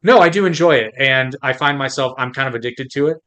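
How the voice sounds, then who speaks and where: Male podcast co-host, relaxed joking chat, middle pitch. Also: quick pace. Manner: easygoing, joking, recommends shows. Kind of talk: casual chat.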